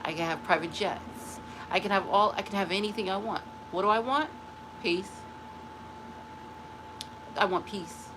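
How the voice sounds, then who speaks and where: A woman's voice: medium pitch, a little slow, long pauses, noisy background. A middle-aged woman hosting a spiritual live stream, giving a blunt, emphatic motivational talk that repeats phrases for stress. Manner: blunt and dismissive.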